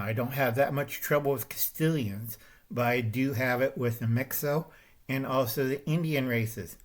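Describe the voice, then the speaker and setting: An older man hosting his own channel, delivering a confrontational monologue and pressing his points with repeated "okay?" and "all right?". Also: medium pitch. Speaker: channel host. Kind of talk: ranting monologue to camera.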